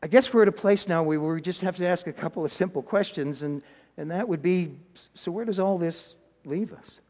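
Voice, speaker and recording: Brief: male preacher, storytelling sermon, folksy asides, high-pitched, reverberant hall. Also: fairly quick, a little mellow.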